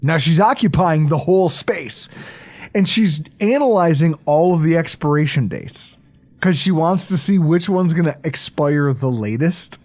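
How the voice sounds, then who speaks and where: A man, co-hosting a podcast in casual, profane, animated storytelling. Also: on the high side, unhurried. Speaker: podcast co-host.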